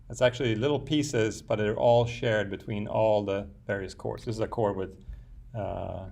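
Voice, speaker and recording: A man's voice: mid-range voice, gravelly, a little mellow. A man giving a university lecture, thinking aloud with frequent fillers and restarts. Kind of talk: classroom lecture. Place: lecture room.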